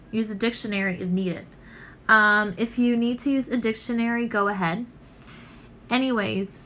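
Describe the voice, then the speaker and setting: A woman teacher recording a lesson, slowly and patiently explaining each answer step by step. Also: mid-range voice, fairly bright tone, a little hiss or hum. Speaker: English teacher.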